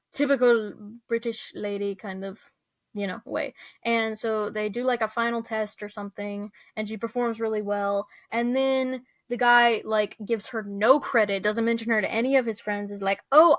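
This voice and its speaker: A woman's voice: medium pitch, dry recording. A young woman rambling through a casual rant, full of fillers, restarts and small laughs. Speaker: vlogger.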